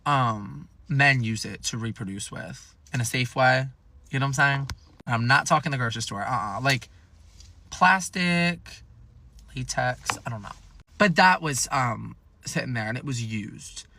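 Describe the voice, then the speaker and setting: A man's voice: mid-range voice, lively intonation, unhurried, vocal fry, sharp tone, slight background noise. A man telling a storytime in a chatty, sassy way, swearing and exaggerating for fun. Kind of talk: casual storytime.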